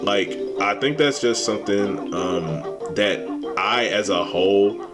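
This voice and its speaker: A young man streaming games, ranting in a casual, animated way, swearing and exasperated. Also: lowish voice, slow, over loud music. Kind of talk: casual rant while gaming.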